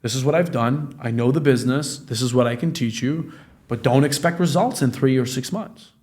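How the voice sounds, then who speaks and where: On a laid-back podcast, a guest who owns a real estate business chats at a fairly quick pace in a mid-range voice. He's in his late twenties, tells animated, profanity-heavy stories, and voices the quoted lines of the people involved.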